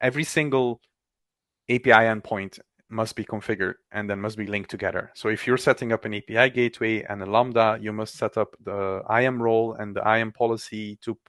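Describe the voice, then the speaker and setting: A man in casual technical chat, animated, with quick restarts, acting out other people's lines. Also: fairly low pitch, dry recording.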